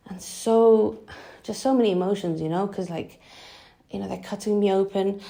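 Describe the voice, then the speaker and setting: A young woman telling a personal story in a halting, emotional way, with many restarts. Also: mid-range voice, steady tone, vocal fry, dark tone. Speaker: vlogger.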